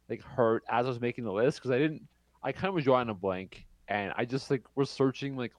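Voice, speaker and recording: A man's voice: medium pitch, no room sound. Man, podcast co-host, casual chat, hesitant with many fillers, dry close sound.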